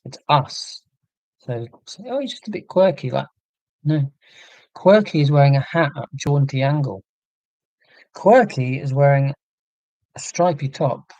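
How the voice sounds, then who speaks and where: A man's voice: medium pitch, darkish tone, no room sound, poor audio. A man chatting casually on a livestream, thinking aloud earnestly with many restarts and answering chat comments. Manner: earnest, rambling musing with frequent restarts.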